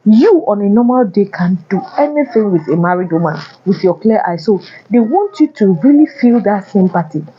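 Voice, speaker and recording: A woman's voice: medium pitch, expressive, moderate pace, few pauses, dull audio, a little hiss or hum. A woman vlogger giving blunt, repetitive relationship warnings addressed to men. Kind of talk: casual advice monologue.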